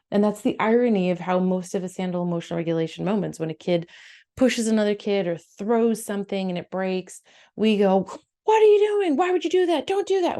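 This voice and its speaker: A middle-aged woman with an Australian accent, a psychotherapist giving animated parenting advice. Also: lowish voice, vocal fry. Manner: animated, acts out parent and child voices.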